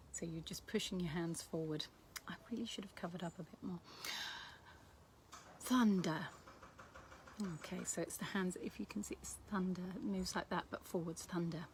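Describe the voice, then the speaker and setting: Brief: middle-aged woman, lowish voice, chatty sign teacher, self-deprecating. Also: slight background noise. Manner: chatty and warm, laughing at herself. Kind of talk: casual teaching video to camera.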